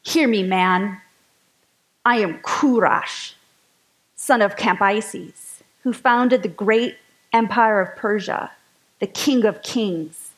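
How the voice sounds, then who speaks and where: A woman putting on an old-fashioned voice to speak as an ancient male Persian king, proclaiming slowly and grandly. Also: medium pitch, lightly acted. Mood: solemn, grand.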